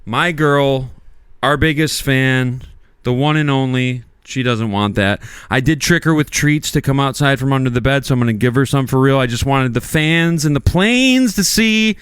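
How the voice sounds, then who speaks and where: A young man chats casually as a podcast co-host. His voice is smooth and clean, and it is recorded dry with no room sound. When he's put on the spot, he protests a little and sounds flustered. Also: mid-range voice, normal speed, fairly bright tone, no echo. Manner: flustered, protesting he can't do impressions. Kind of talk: casual chat.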